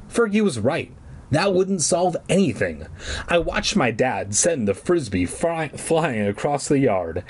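A man with a husky, breathy voice reads a children's story aloud. His pitch moves in an animated way, and he breaks off for crude, deadpan jokes. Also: a little slow. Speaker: reader. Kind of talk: comedic read-aloud with asides.

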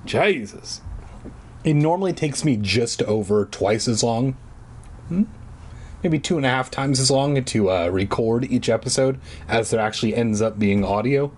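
A man's voice: mid-range voice, lively intonation, a little slow, slight background noise. A man hosting a podcast, reading a children's horror book aloud with crude, self-deprecating asides. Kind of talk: casual comic read-aloud with asides.

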